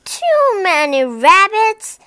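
A woman voicing a small, grumpy young male rabbit in a storybook reading, with high, squeaky, childlike exclamations. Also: very animated, slow, pushed and bright, no room sound, full character voice.

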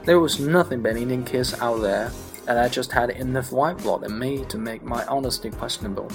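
A man whose first language is Chinese, reading a comic monologue aloud in English with a lively storytelling delivery. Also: mid-range voice, a little fast, music in the background. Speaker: English learner practicing accents.

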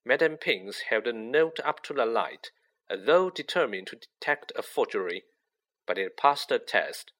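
A man reading a children's novel aloud as narrator, with lively expression. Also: medium pitch. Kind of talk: audiobook reading.

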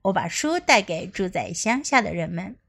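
Gentle woman teaching children English. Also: medium pitch, sing-song, normal speed. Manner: gentle and encouraging, speaking to children. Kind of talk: bilingual children's story reading and lesson.

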